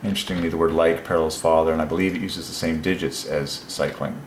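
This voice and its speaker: A man presenting word-number puzzles on his own, thinking aloud with growing excitement and chuckling between points. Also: very deep voice, fast talker, roomy sound, a little hiss or hum.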